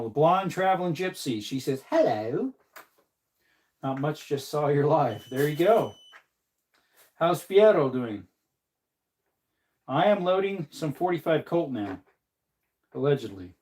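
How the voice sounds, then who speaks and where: A man with a fairly high voice hosts a casual live stream. He jokes around and answers viewer comments as he works. He sounds relaxed and chatty while he hand-loads ammunition. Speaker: livestream host.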